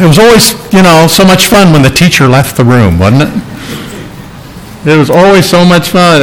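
A man's voice: on the high side, fairly bright tone, low-quality recording. A man preaching a sermon, explaining a scripture passage in an earnest teaching tone and repeating key phrases for emphasis.

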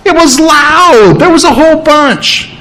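A preacher doing high, incredulous disciples. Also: male voice, animated, a little slow, pushed and bright, exaggerated voice, rough recording. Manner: high, exclaiming disbelief. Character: astonished male disciples, incredulous.

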